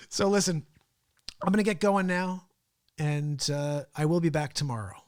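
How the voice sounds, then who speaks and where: A man with a somewhat high voice hosts a casual live stream. He rambles from one thought to the next, chatty and relaxed, and chuckles often. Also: measured pace. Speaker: host of a daily live talk show.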